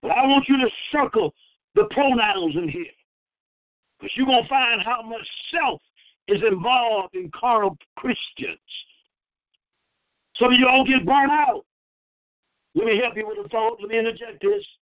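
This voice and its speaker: Fervent high-voiced preacher. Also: male voice, unhurried, long pauses, dry recording, lo-fi sound. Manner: fervent preaching with sudden loud bursts; acts out the speakers in the verses. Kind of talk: sermon.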